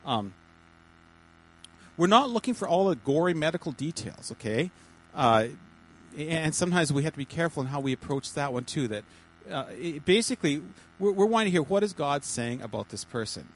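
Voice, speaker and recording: A man, a pastor, giving informal teaching to a small church group in a halting, chatty way, with many repeated words and restarts. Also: on the high side, animated, rough recording. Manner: chatty, jokey asides.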